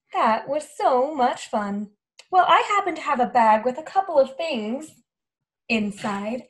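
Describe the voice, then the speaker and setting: A woman librarian reading a picture book aloud to young children in an animated, sing-song way, coaxing them to join in. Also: sits high. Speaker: children's librarian hosting story time.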